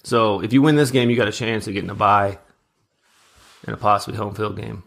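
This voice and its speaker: A man's voice: on the low side, fairly even intonation, a little fast, gravelly, a bit bright. A man in his thirties co-hosting a sports podcast, chatting casually, joking and reading out stats. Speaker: podcast co-host.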